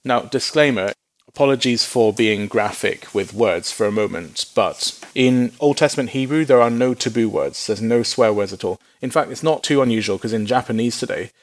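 A man giving a sermon as Bible teaching, in a mid-pitched voice. He keeps it lively and funny, breaking into playful little voices when he quotes people. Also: normal speed. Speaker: preacher.

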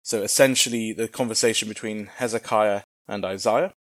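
A man's voice: on the low side, steady tone, normal speed, dry recording, clean studio sound. A man giving an informal Bible lesson in a chatty, humorous way with casual slang. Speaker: Bible teacher.

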